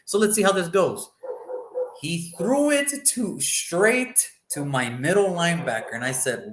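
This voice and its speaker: A man's voice: a little high, big pitch swings, a little slow, sharp tone, reverberant, low-quality recording. A man co-hosting a sports show, chatting loosely about football picks and rambling as he swears freely. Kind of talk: casual sports prediction chat.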